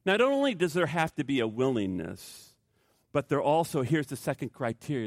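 Man, pastor, sermon, emphatic, repeats phrases, raised then hushed, higher voice, dry sound. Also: sing-song, normal speed, dry recording.

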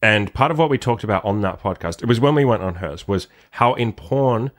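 A man's voice: on the low side, lively intonation, a little fast. Brash, profane young male podcast host. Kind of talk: crass casual podcast chat.

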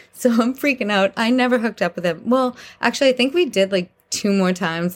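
A woman's voice: on the high side, fairly quick, hardly any pauses. A young woman hosts her own podcast and tells embarrassing dating stories in a casual monologue. She talks candidly and with a lot of animation, and laughs often as she goes. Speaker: podcast host.

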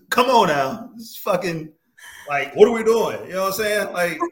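A man riffs crudely in a casual recap conversation, swearing freely and laughing often. His pitch swings widely as he talks, lively and animated. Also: normal speed, echoey room. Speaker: guest co-host. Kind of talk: casual chat.

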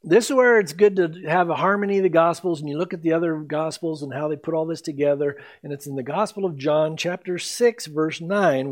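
Emphatic male preacher. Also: a little high. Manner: emphatic, reads scripture aloud slowly, then explains. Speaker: pastor. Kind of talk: expository sermon.

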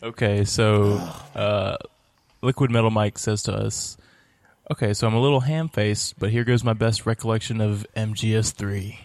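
A man co-hosting a podcast who reads listener mail aloud in a casual, mild-mannered way and steers clear of swearing. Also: fairly low pitch, fairly even intonation, normal speed, darkish tone, no room sound. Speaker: podcast co-host.

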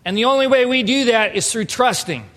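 A pastor in his thirties preaching an earnest, emphatic sermon, moving between soft storytelling and raised exhortation. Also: extremely high pitch, fairly quick. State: emotional, near tears. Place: church hall. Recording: reverberant hall.

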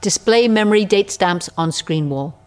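An actress playing a brisk, businesslike technician who gives crisp commands. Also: female voice, medium pitch, expressive, natural voice.

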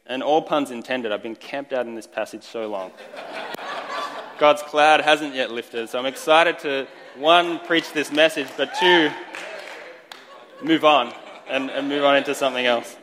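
A man preaching a sermon in a relaxed, conversational way, joking lightly and restarting his sentences now and then. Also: medium pitch, a little hiss or hum. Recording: long reverb of a large hall.

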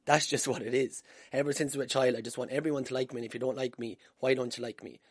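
A man's voice: medium pitch, steady tone, fast, dry recording, clean studio sound. An Irish man hosting a casual solo podcast from home, telling stories with swearing and self-deprecating humour. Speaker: podcast host. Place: room at home. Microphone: wired podcast mic.

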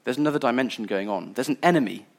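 A man's voice: mid-range voice, racing. A man giving a sermon in an earnest, conversational way. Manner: earnest, conversational, some restarts. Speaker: preacher.

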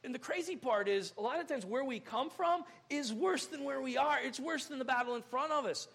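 A young male pastor preaching a sermon in a church, animated and acting out scenes with sudden loud outbursts. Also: extremely high pitch, a little fast.

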